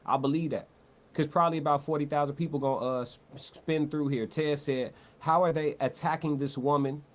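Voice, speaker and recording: A man's voice: a little high, steady tone, a little fast. Slangy male livestream commentator, talks loose. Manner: loose, conversational, repeats words and restarts, slangy. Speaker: livestream host. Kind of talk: live-stream commentary, reading chat.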